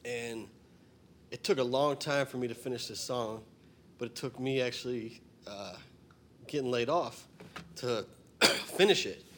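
A man's voice: medium pitch, a little slow, long pauses, a bit bright, a little hiss or hum. A middle-aged man, introducing his song in a rambling, plainspoken way and stating blunt opinions. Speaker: singer-songwriter and former firefighter.

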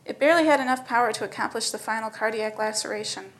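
A woman narrating a story in a steady, matter-of-fact reading voice. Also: fairly high pitch, fast, poor audio.

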